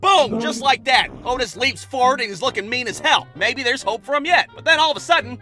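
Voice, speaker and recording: Male comic storyteller; high, bright, swears freely, exaggerated delivery. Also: lively intonation, fairly quick, hardly any pauses, faint music behind. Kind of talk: comedic animated storytelling.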